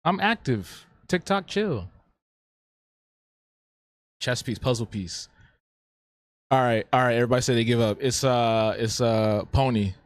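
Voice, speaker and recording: A man with a medium-pitched voice and lively intonation hosts a live drawing stream, speaking at a measured pace with long pauses and no echo. The streamer and artist jokes with viewers, answers the chat, and repeats himself in casual live-stream conversation.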